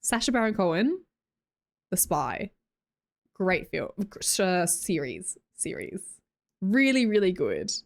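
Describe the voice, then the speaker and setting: A woman's voice: mid-range voice, very animated, unhurried, long pauses. Young woman, Australian accent, livestream host, casual chat, laughs a lot, reads comments aloud. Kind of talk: casual chat reading viewer messages.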